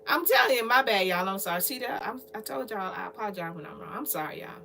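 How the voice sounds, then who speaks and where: A woman's voice: medium pitch, fast talker, gravelly, slight background noise. A middle-aged woman, talking casually to her livestream viewers and lecturing them in a repetitive, preachy way. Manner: preachy, lively, repetitive, talks straight to viewers. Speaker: livestream host.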